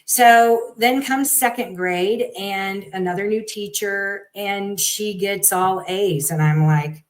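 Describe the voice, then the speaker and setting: A middle-aged woman, a guest parent, telling her story in a lively conversational way and acting out what others said. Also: medium pitch, slow pace, poor audio. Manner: animated, acts out quoted people.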